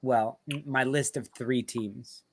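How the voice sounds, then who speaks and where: A man's voice: medium pitch, steady tone, slow. Laid-back American man hosting trivia. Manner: laughing, swearing, jokey asides. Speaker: host. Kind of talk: casual trivia banter.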